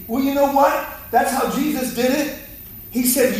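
A man's voice: very high-pitched, unhurried, a little hiss or hum. A man preaching a fiery sermon in a church, exhorting the congregation and calling for their response. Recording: echoey hall, mic from far off.

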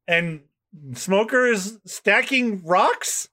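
Excitable high-voiced man. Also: normal speed. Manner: excitable, stumbling restarts. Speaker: podcast co-host. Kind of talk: casual chat reading a comic.

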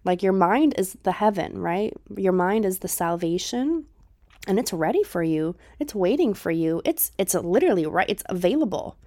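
A woman's voice: medium pitch, expressive, normal speed, mellow, no room sound. Young woman podcast host, pushy motivational delivery, dry close sound. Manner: emphatic, talks in rhetorical questions, casual swearing. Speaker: podcast host, manifestation coach.

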